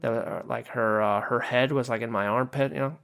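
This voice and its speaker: Gravelly-voiced man ranting casually. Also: medium pitch, steady tone, brisk, fairly bright tone. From United States. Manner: swearing, frequent "you know" fillers, exasperated. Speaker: podcast host. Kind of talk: casual rant.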